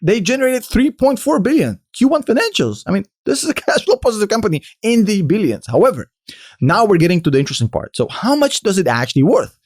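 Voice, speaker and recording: A man's voice: high voice, big pitch swings, fast, darkish tone. A man with a delivery hosting a casual stock analysis vlog, confidently explaining and answering his own questions. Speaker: finance video host.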